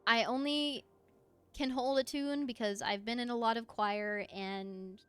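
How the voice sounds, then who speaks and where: Woman streamer, high voice, casual and gushing, talks straight into a desk mic. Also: unhurried, clean tone. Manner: excitable, gushing, laughs often. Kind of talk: casual live-stream chat while playing. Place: her room at home.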